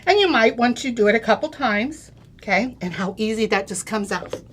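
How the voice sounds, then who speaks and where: A woman's voice: a little high, lively intonation, normal speed, slight background noise. A middle-aged woman giving a chatty, step-by-step craft demonstration on a live show, checking in with "okay?" and "right?". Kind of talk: live craft product demo.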